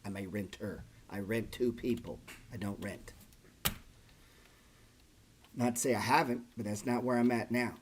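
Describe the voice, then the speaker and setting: A man's voice: fairly low pitch, a little slow, long pauses, background noise. A middle-aged man hosting a trading stream, talking casually and bluntly, swearing often and calling listeners "man" and "bro". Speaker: trading channel host. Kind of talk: casual livestream chat about trading.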